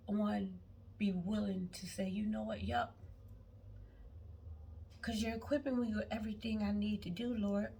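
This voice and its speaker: A woman's voice: medium pitch, creaky, darkish tone, slight background noise. A woman vlogger talking about faith to her viewers, emphatic and repeating herself, breaking into prayer as she goes. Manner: emphatic, repeats words, prays aloud mid-talk. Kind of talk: spontaneous faith talk to viewers. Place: on vacation.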